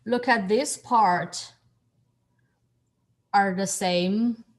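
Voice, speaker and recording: Slow, halting woman teaching on a video call. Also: mid-range voice. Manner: halting, repeats words, laughs often. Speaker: Mandarin tone teacher. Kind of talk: online class instruction.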